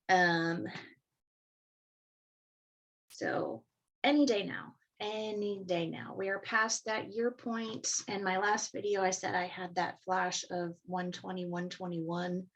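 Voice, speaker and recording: A woman's voice: fairly low pitch, fairly bright tone, low-quality recording. A woman hosting her own channel, talking in a loose, chatty way with frequent "um" and "uh" fillers as she runs through her notes. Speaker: channel host. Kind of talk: casual spoken commentary to camera.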